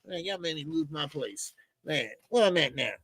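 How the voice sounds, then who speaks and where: A man's voice: on the high side, lively intonation, moderate pace, creaky, a bit bright, no room sound. A man hosting a boxing channel, ranting in emphatic, repetitive slang and calling his listeners "baby". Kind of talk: animated boxing commentary rant.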